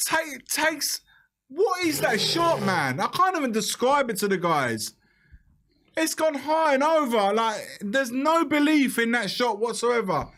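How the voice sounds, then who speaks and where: A man's voice: very high-pitched, sharp tone. A young man co-hosting a football watch-along, exasperated as he breaks down each missed chance. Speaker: co-host.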